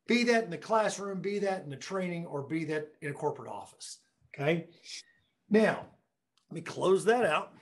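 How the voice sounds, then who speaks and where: Speaking at a normal speed, a fairly high-voiced man presents an education technology webinar demo from his classroom, full of jokes and direct address to viewers. His enthusiasm comes through roomy and echoey, since conference microphones placed at a distance across the room record him.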